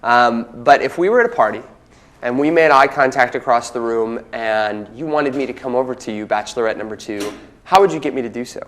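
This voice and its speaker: Young male bachelor contestant, mid-pitched voice, stammers and rambles through questions with awkward restarts. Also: fairly quick, a bit bright. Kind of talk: comedic dating game show.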